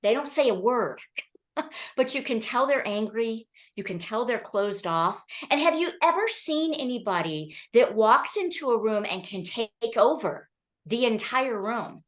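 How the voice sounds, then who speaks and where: A woman's voice: on the high side, measured pace. Woman trainer addressing an audience. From Colorado. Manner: animated storytelling with frequent "okay?" and "right?".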